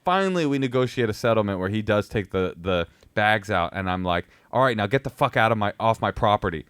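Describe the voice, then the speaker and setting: A comedian in his thirties with a lowish, smooth voice speaks briskly, with no room sound. Telling a story in casual chat, he's animated and acts out other people's lines in put-on voices.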